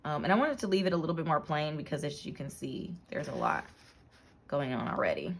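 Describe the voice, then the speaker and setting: Low-voiced woman narrating a craft flip-through. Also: brisk, vocal fry, breathy edge. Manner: relaxed, with frequent ums and self-corrections. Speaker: crafter showing her handmade journal.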